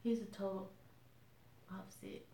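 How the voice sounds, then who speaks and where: A woman's voice: mid-range voice, level tone, a little slow, warm tone, echoey room, slight background noise. A woman from Alabama with a Southern accent, chatting casually and outspokenly to her viewers while eating. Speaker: mukbang vlogger.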